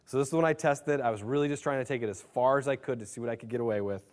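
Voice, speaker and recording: A man's voice: medium pitch, rapid-fire. A man presenting a dating seminar in a brash, casual storytelling way, swearing freely and leaning on fillers. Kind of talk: casual seminar talk to a live room.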